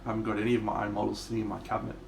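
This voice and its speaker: A man's voice: fairly low pitch, monotone, racing, creaky, a little hiss or hum. Aussie bloke streaming his painting, swears a lot, echoey room. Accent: Australian. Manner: swears freely, laid-back and chatty. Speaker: miniature painter streaming live. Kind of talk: casual live-stream chat.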